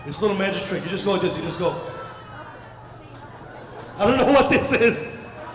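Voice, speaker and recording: High-voiced shouting stand-up comic in echoey hall. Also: male voice, normal speed, slight background noise. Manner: loud, animated crowd work, frequently shouting. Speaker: stand-up comedian. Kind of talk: stand-up comedy set. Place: large crowded festival hall. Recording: echoey hall, far from the mic.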